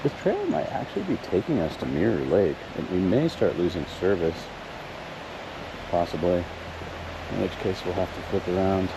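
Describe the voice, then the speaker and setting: A man's voice: sits low, big pitch swings, normal speed, gravelly, noisy background. A man live-streaming a hike on an outdoor trail, chatting with viewers and thinking aloud in a casual, self-deprecating way. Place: outdoor hiking trail in a wooded valley.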